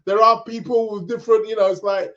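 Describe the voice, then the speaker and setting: A man's voice: high-pitched, level tone, fairly quick, fairly bright tone. Chatty British man, rambling and upbeat. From England. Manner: rambling, many restarts, chatty. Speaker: podcast host. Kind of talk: casual live-stream chat reading comments. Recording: dull lo-fi sound.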